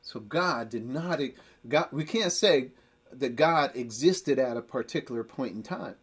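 Guy doing bible teaching, husky voice, slow careful explaining that climbs into emphatic points. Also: medium pitch, expressive. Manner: explains slowly, then builds to emphatic rising points.

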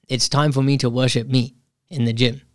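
A man talks through a personal story in a loose, unscripted monologue. He is candid and self-questioning, stopping and restarting his phrases as he thinks aloud. His voice sits at an ordinary pitch, recorded close and dry with no room sound. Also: level tone, moderate pace, no echo.

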